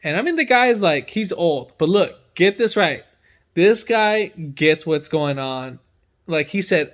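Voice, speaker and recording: Young man, slightly high voice, casual slang storytelling, animated, laughing, loud and soft swings. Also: slow pace. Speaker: mechanic and channel host.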